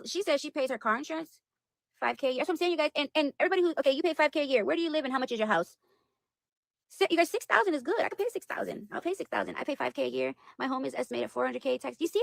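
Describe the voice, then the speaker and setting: A woman's voice: sits high, vocal fry, dry recording. A woman livestreaming casual chat to her viewers, rambling and exasperated, repeating herself as she talks. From United States. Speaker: livestream host.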